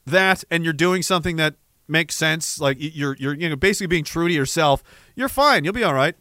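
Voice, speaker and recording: Sarcastic high-voiced man ranting. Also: animated, brisk, pushed and bright, no echo, clean studio sound. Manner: sarcastic, profane, mocking, with bursts of laughter. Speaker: podcast host reading listener messages. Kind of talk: casual ranting commentary.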